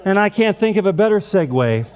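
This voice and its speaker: A man's voice: sits high, a little fast, some chatter behind. Man in his sixties telling a comic story. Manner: deadpan storytelling with comic timing. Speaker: emcee. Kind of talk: comic storytelling at an awards event.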